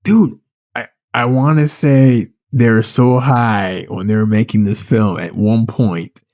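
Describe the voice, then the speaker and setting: A podcast co-host rants about a movie in casual chat, his lowish voice moving at a measured pace. He swears often and tells the story with animated, incredulous energy.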